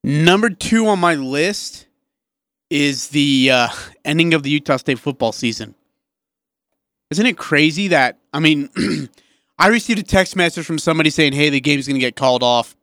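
A man co-hosting a sports radio show, talking excitedly in casual chat with many restarts and asides. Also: a little high, normal speed, no echo.

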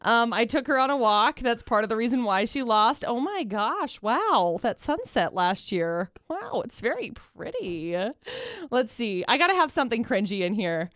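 A woman's voice: on the high side, animated, moderate pace, hardly any pauses, fairly bright tone, no echo, studio quality. A young woman with a bubbly, teasing way of talking, co-hosting a casual radio show. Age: young adult. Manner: bubbly, teasing, laughs often. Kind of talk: casual morning show banter.

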